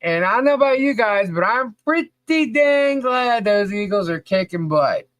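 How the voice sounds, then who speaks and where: A woman's voice: mid-range voice, lively intonation, normal speed, no room sound. A woman co-hosting a podcast livestream, chatting casually, laughing often and greeting viewers by name. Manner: laughs often, loose and joking; reads out viewer names one by one. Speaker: podcast co-host.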